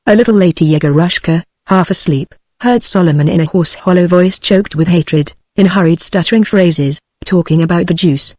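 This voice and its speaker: A British-accented woman's text-to-speech voice reading a storybook aloud in an even, flat manner. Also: fairly low pitch, normal speed, few pauses, no echo. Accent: British English. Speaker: audiobook narrator.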